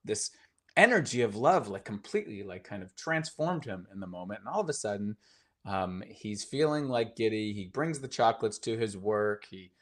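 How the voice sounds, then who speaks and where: A man speaks as a mindfulness teacher on a live stream. His delivery is loose and conversational, full of fillers, false starts and repeated words. His tone stays earnest and gently encouraging throughout. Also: lowish voice, lively intonation, normal speed.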